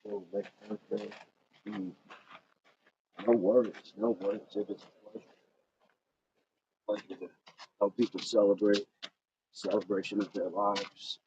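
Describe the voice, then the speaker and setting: A man's voice: on the low side, level tone, unhurried, long pauses, darkish tone, dull audio. A man hosting a fitness livestream, chatting casually and encouragingly with viewers while he walks and moves. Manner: upbeat, encouraging, greets viewers by name; walking in place while talking. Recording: noisy livestream audio.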